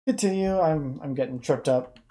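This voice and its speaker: A mellow, dark-toned voice talking through a reaction video in a tired, subdued way. The speech stops and restarts often as the speaker searches for words, in a casual, unhurried stream. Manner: low-energy, hesitant, many restarts.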